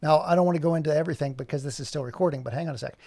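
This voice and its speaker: Working on an animation during a livestream, this streamer rambles casually and talks to himself as he goes. His voice is a little high with a darkish tone, he speaks at a racing pace, and the recording is dry.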